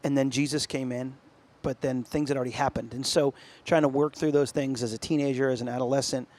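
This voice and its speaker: A man's voice: mid-range voice, fairly even intonation, fast talker, a little mellow. A man from upstate New York, co-hosting a podcast, telling his life story in casual chat and acting out quoted voices. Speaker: podcast co-host.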